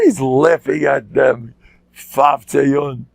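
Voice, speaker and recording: Older rabbi, gravelly joking lecture voice. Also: male voice, medium pitch, a little slow, no room sound. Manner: joking, animated, shouts out quotes, mixes Hebrew and Yiddish words. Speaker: rabbi giving a Torah class. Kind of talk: lively Torah lecture.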